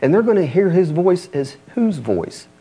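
A man preaching a sermon, reading scripture aloud in a lower, slower voice and lifting his pitch to drive points home. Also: big pitch swings, dark tone. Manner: reads scripture low and slow, then rises to press points.

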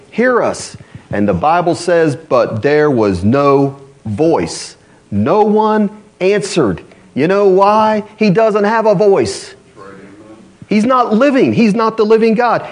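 A man preaching in full sermon mode, his voice riding a lively, swooping pitch that sits a little high for a man. He leaps up to emphatic calls, then sinks low and slow for scripture, drawing the congregation in with quick questions. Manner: asks the congregation for responses. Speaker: pastor.

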